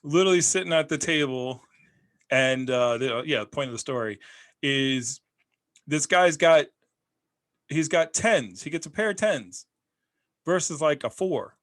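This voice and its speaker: A man hosting a podcast, telling stories in a rambling, animated way during casual chat. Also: fairly high pitch, a little slow, pauses often.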